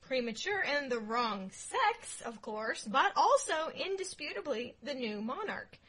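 A woman co-hosting a casual history podcast, telling the story playfully with jokes and loud asides. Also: sits high, big pitch swings, measured pace, low-quality recording. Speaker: podcast co-host.

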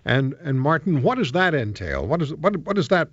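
A man hosting a talk radio show, combative, rhetorical and quick to joke as he interviews guests from a studio microphone. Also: a little high, very animated, husky, no echo, highs cut off.

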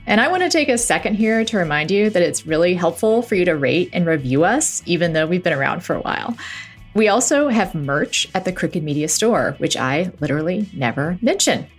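A woman's voice: lowish voice, lively intonation, fairly quick, breathy edge. Upbeat woman podcast host, faint music. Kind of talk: podcast interview and outro.

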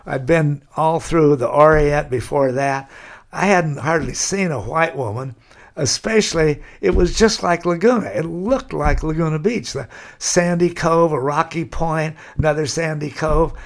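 Gravelly older man telling stories. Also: a little high, unhurried. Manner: rambling anecdotal storytelling, with frequent "kinda" and "you know". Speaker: interview guest. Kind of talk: storytelling.

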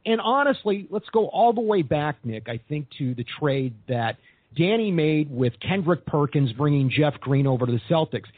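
A man hosting a sports podcast, chatting with upbeat, animated optimism. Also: on the high side, normal speed, no echo. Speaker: podcast host. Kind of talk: casual sports chat. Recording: tinny phone-like sound.

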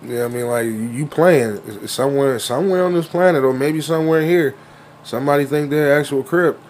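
A middle-aged man, co-hosting a radio show and telling a story in a relaxed, casual way. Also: fairly high pitch, fast, slight background noise. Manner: laid-back, acts out kids' voices in his stories. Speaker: co-host.

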